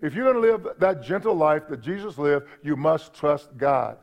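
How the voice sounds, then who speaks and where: A man's voice: on the high side, lively intonation, normal speed, creaky. A man preaching a sermon as pastor, folksy and humorous, repeating his points and talking to the congregation. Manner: preaching with repetition and audience asides. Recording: dull lo-fi church recording.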